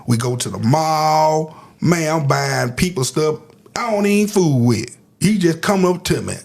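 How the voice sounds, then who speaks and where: Boastful slangy man, high-ish voice with big swings in pitch. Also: unhurried, creaky. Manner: animated, slangy, boastful storyteller. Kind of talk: casual storytelling.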